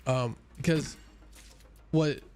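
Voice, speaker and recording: A man's voice: medium pitch, steady tone, slow pace, a little mellow, faint music behind. A young man streaming a game, chatting casually and rambling with lots of fillers and restarts, sounding a bit tired. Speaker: gaming streamer. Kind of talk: casual chat while playing a game.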